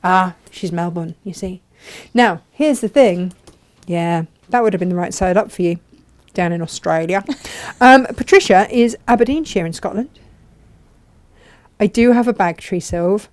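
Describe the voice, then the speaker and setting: A middle-aged woman hosting a live craft show, chatting brightly and reading out viewers' greetings. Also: on the low side, measured pace. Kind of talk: casual live-stream chat.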